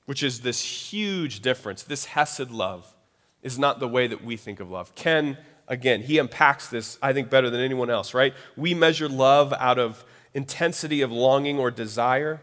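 A man preaches to his congregation in a loose, conversational way, often stopping to check in with the crowd. His voice sits at an ordinary middle pitch. The sound carries a long reverb from a large hall. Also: normal speed, a bit bright. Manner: conversational preaching with frequent asides. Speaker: pastor. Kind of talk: sermon.

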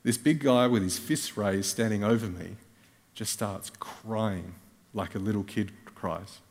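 Aussie guy preaching, lowish voice, tells a story with self-mocking jokes, big echoey church sound. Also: a little slow. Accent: Australian. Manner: animated storytelling with wry self-mocking asides. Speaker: guest preacher. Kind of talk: storytelling sermon. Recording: reverberant church hall.

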